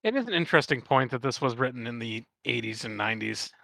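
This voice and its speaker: A man with a Midwestern accent, co-hosting a casual podcast chat, halting and swearing casually. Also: medium pitch, very animated, gravelly, sharp tone, no echo. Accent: Midwestern American. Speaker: guest host.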